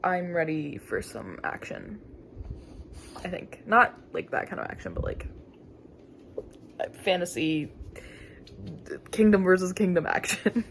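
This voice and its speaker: A young woman vlogging about a book she is reading, thinking aloud and reacting with giggles, gasps and sudden high exclamations. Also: very animated, a little slow, gravelly, long pauses, slight background noise. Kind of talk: casual reading vlog.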